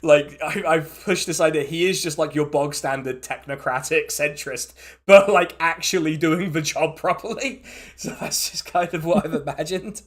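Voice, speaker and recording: Higher-voiced man running a tabletop game. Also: normal speed, few pauses. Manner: chatty, laughs often, restarts sentences. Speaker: dungeon master.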